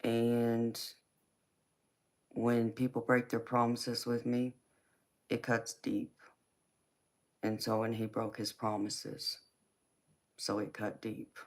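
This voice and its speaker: A woman with a Southern accent from Georgia, chatting casually and drawling on a livestream as she answers viewers. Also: a bass voice. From California. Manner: drawling, relaxed, calls people baby. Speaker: tarot reader on a livestream. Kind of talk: casual live chat reading viewer comments.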